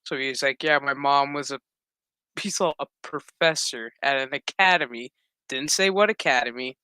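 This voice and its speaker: A man's voice: mid-range voice, normal speed, bright, forceful tone, smooth, no echo. A man giving a rambling, profane recap of a TV episode, acting out the characters' lines as he goes. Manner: rambling, profane, acts out quotes. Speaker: show recap reviewer.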